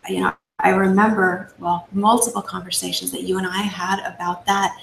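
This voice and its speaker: Interview host, woman, reflective and conversational; gravelly edge, echoey room. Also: lowish voice, flat delivery, moderate pace. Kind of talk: casual interview chat.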